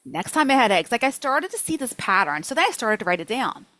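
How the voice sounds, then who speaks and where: A woman nutrition coach teaching a workshop in a lively, chatty way, acting out her own thoughts. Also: on the high side, fast, dry recording, low-quality recording.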